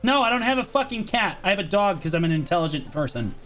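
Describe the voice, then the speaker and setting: A man streaming a game, talking casually with lots of swearing, and breaking into exasperated yelling now and then. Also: sits high, sing-song, fast, faint music behind. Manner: profane, exasperated outbursts and yelling. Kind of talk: livestream gameplay commentary.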